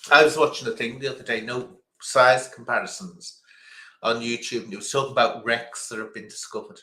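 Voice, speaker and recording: A man's voice: medium pitch, steady tone, fairly quick, pushed and bright, echoey room. A man hosting a casual quiz stream, chatting and rambling between questions. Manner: chatty, rambling, chuckling asides. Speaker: quiz host.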